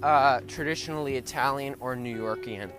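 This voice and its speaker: A young man co-hosting a casual joking chat, trading deadpan jabs while walking outdoors. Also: mid-range voice, normal speed, over music, poor audio. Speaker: co-host.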